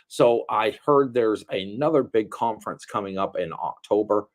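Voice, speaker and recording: A man's voice: lowish voice, moderate pace. A man hosting a casual livestream from his home, greeting viewers by name and chatting about news. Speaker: livestream host. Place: home in Thailand.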